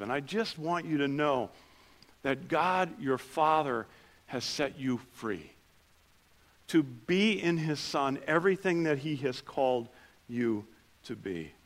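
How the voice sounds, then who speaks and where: A middle-aged man preaching a sermon in church, telling personal stories with self-deprecating humor and dropping soft and low for quiet moments. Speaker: pastor.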